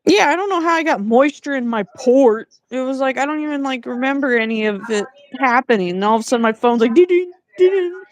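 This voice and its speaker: A woman chatting casually on a home livestream, teasing her co-host and telling animated stories with frequent laughs. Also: a little high, fast, few pauses, dry recording. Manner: teasing, animated storyteller who laughs often.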